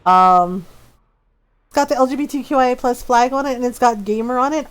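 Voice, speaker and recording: A woman's voice: high-pitched, lively intonation, moderate pace, clean tone, rough recording. A woman streamer chatting casually while she plays, telling a story from her school days, laughing often and acting out the people she quotes.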